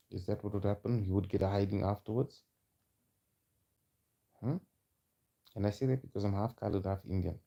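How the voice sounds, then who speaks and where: A man's voice: lowish voice, a little fast, gravelly, long pauses, warm tone, highs cut off. A man delivering a heated, confrontational rant to camera, firing off challenging rhetorical questions. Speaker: vlogger.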